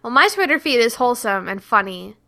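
A woman's voice: fairly high pitch, very animated, a little fast, creaky, pushed and bright, no echo. A woman co-hosting a podcast in casual chat, laid-back and a little sleepy. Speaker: podcast co-host.

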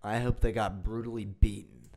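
A man's voice: lowish voice, steady tone, moderate pace, vocal fry, a little mellow. Sarcastic man hosting a podcast. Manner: sarcastic, mocking asides. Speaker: podcast host. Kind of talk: casual chat.

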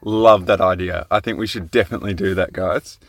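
A woman's voice: rumbling low, steady tone, brisk. A woman hosting a radio-style show, coaxing young children through a playful interview in an upbeat, laughing manner.

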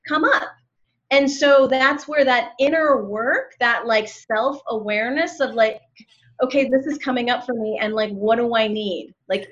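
A woman's voice: on the high side, a bit bright. A woman of fifty, a relationship coach, talking openly and reflectively in a casual conversation, with many likes and ums. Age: 50s. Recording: dull lo-fi sound.

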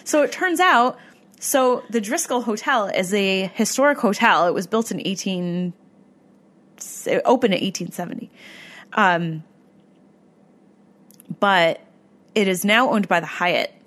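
A woman's voice: medium pitch, expressive, unhurried, pauses often, fairly bright tone. Young adult woman, podcast host, casual storyteller, filler-heavy, mid voice. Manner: chatty, many fillers like "like" and "um".

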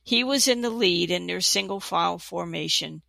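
A narrator reading a fantasy storybook aloud in a steady, plain way. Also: medium pitch, moderate pace, gravelly, dry recording. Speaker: audiobook narrator.

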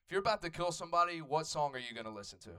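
Profane Atlanta stand-up comic. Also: male voice, on the high side, animated, very fast, fairly bright tone, clear, resonant tone. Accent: Atlanta Southern US. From Atlanta, USA. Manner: loose, profane, riffs with the audience. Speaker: stand-up comedian. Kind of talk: stand-up crowd work. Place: comedy club stage.

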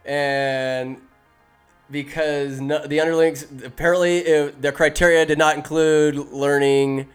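Speaking in a clean, slightly high tone, a man gives a quick, lively, casual scene-by-scene movie recap, complete with rapid impressions of the characters. There's faint music in the background.

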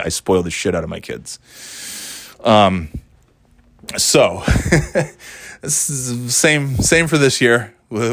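A man's voice: low voice, no echo, clean studio sound. A middle-aged man casually recounting a family holiday in a rambling, chatty way, often laughing and acting out what people said. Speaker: parent telling a family story. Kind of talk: casual storytelling vlog. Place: warm indoor room.

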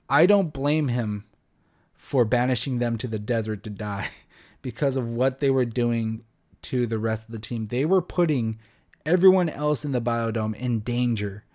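A man's voice: mid-range voice, darkish tone. A young man hosting a podcast, giving a blunt, sarcastic film review and swearing freely. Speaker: podcast host. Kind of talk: casual film review monologue.

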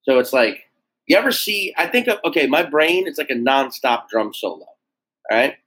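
Animated man chatting loosely. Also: normal speed, husky, rough recording. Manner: animated, swearing, jumps into high-pitched mock voices. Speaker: comedian guest. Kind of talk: casual podcast chat.

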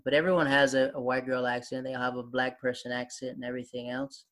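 A fast-talking man hosts a relaxed chat, jumping eagerly into animated anecdotes. His voice sits at a middle pitch. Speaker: host. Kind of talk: casual conversation.

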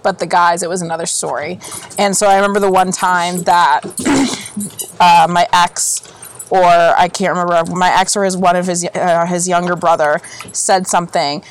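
Blunt, fired-up woman, low-pitched. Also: fairly even intonation, normal speed, a little hiss or hum. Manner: blunt, profane, fired-up storytelling; laughs often. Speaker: podcast co-host. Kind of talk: casual chat.

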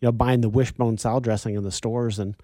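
A man hosting a call-in radio show, chatting in a relaxed, easygoing way and chuckling now and then. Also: mid-range voice, quick pace, no room sound, clean studio sound. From Kansas. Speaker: radio host. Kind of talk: casual radio chat. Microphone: studio mic.

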